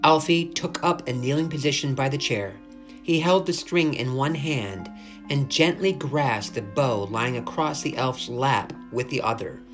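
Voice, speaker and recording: A narrator reads a children's adventure book aloud, steady and expressive, with a mid-pitched voice. Faint guitar plays quietly underneath. The reading is even and clear. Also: a little slow. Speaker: storyteller.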